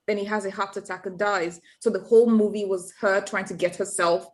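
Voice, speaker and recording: Animated woman in casual chat. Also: mid-range voice, fairly quick. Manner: animated, emphatic storyteller. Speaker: podcast co-host.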